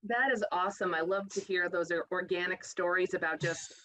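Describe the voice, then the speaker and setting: A woman's voice: lowish voice, steady tone, a little fast, a bit bright, dry recording, rough recording. A woman hosting a local TV health program, upbeat and encouraging as she interviews her guest. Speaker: TV show host. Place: local TV studio.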